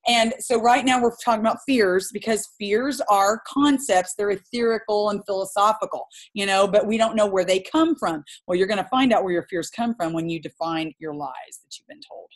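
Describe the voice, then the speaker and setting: Woman, group coach, animated and direct, laughs easily. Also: medium pitch, normal speed, few pauses. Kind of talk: live group coaching call.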